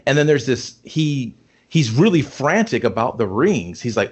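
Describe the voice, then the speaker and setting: A man's voice: medium pitch, very animated, moderate pace, husky. A man in casual chat reviewing a movie, rambling and profane, acting out scenes. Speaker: podcast co-host reviewing a movie.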